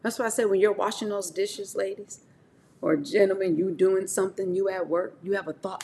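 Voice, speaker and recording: Speaking straight to her chat during a live stream, a middle-aged woman gives a lively, preachy motivational talk on faith. She has a mid-range voice, talks a little fast, and there's some faint hiss or hum.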